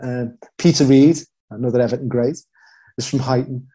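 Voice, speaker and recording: A man's voice: mid-range voice, steady tone, moderate pace, dark tone, slightly rough. A man in his forties from Liverpool with a Scouse accent, chatting as a podcast guest, self-deprecating and full of fillers. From Liverpool, England. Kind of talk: casual interview chat.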